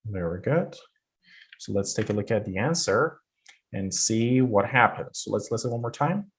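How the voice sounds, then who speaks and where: A man's voice: on the low side, expressive, moderate pace. A man teaching a pronunciation lesson, explaining patiently and repeating key points with fillers and restarts.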